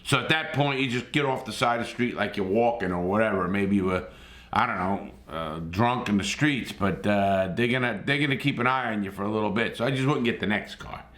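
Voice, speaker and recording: A man's voice: fairly low pitch, fairly quick, a bit bright. A middle-aged man giving blunt, streetwise casual commentary as a host, swearing freely. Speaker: host reacting to gameplay.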